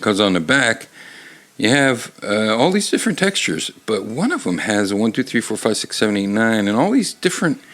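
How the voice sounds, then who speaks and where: A bar-based book podcast, hosted by an older man whose lowish voice has a sing-song lilt and a slightly bright quality. He moves at a normal pace, drifting through profane, wryly funny asides while a tabletop mic sits turned off-axis.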